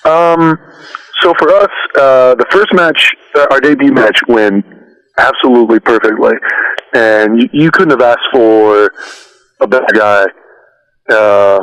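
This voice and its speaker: Guy guest on a podcast rambling through old stories, ums everywhere, average pitch. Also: measured pace, poor audio. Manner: relaxed, rambling, many fillers. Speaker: interview guest. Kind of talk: casual storytelling interview.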